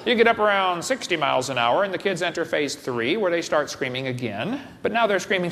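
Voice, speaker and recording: Man, wisecracking lecture to a live audience, slightly high voice, faint hiss behind. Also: animated, brisk, few pauses, a bit bright. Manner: wisecracking, quizzes the crowd with asides. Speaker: creationist speaker. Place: large hall with an audience. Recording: long hall reverb, faint hiss.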